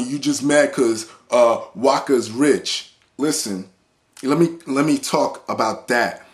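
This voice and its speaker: A man's voice: medium pitch, a bit bright. A man ranting to the camera about hip-hop in a blunt, profane, heated way, listing examples and restarting his sentences. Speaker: hip-hop vlogger and reviewer. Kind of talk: profane unscripted rant.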